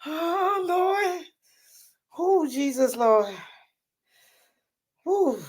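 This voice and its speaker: A woman's voice: extremely high pitch, lively intonation, extremely slow, darkish tone. A woman hosting a casual live stream and reading the chat out. She laughs often, calls on the Lord and swears freely.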